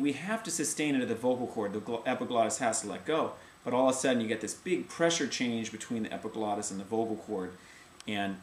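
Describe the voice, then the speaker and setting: A middle-aged man teaching a casual video voice lesson, explaining vocal technique and breaking into short sung vowel demonstrations. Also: mid-range voice. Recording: echoey room with faint ambient noise.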